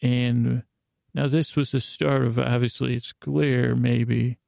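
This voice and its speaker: A man's voice: mid-range voice, flat delivery, slow, vocal fry, darkish tone, dry recording, clean studio sound. A man hosting a podcast, narrating a rambling bedtime story with lots of restarts and self-corrections.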